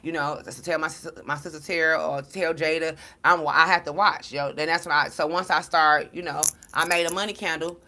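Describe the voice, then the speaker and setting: Lady tarot reader ranting to her followers, cussing, lots of slang, lowish forceful voice. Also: a little fast, few pauses. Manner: blunt, profane, slang-heavy and animated; storytelling, addressing followers as y'all. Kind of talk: casual direct-to-camera monologue.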